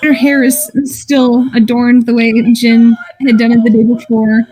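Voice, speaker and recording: A woman narrating a tabletop game as game master, in a descriptive, halting way with frequent restarts. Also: fairly high pitch, little pitch movement, dark tone.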